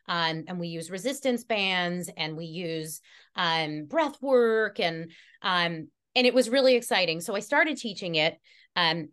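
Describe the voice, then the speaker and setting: A woman's voice: lowish voice, a bit bright. A woman guest in a casual podcast conversation, telling a heartfelt story with lots of fillers and restarts. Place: Connecticut.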